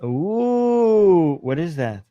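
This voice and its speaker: A man's voice: high voice, very animated, extremely slow, dark tone, no room sound, highs cut off. A man co-hosting a casual livestream chat, easygoing, laughing often and restarting his sentences. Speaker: co-host.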